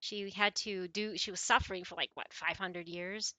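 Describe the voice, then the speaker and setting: A bright, forceful woman streamer talks into a dry, close microphone, chatty and emotive as she answers her chat. She rambles, reacts openly, and sounds like she is talking straight to her viewers. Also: lowish voice, steady tone, normal speed, no echo. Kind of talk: casual chat with live viewers.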